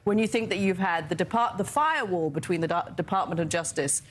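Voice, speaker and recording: A woman's voice: on the low side, a little fast. A woman panelist offering sardonic, ironic political commentary.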